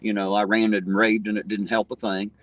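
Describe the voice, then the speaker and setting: Reading out comments from his viewers, this livestream host speaks in a lowish, flat voice at a fairly quick clip, recorded dry. His casual talk is blunt and profane, and he often starts sentences over as he responds.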